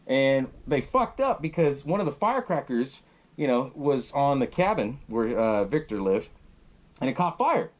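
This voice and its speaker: A man hosting a podcast, recapping a film in a casual, profane, animated way and laughing often. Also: medium pitch, normal speed. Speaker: podcast host.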